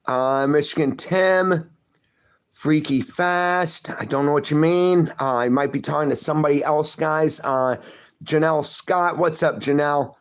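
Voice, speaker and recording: A middle-aged man hosting a livestream, reading viewer comments and greeting each person by name in a casual, friendly chat. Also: a little high. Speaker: livestream host.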